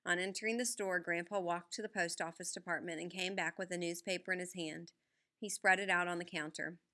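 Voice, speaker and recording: A woman narrating a novel aloud in the first person with a steady storytelling read. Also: on the low side, brisk. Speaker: audiobook narrator.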